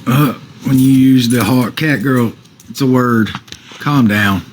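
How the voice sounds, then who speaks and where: A man's voice: medium pitch, measured pace, slight background noise, low-quality recording. A man on a casual livestream, reading out viewer comments and answering them defensively, with some swearing.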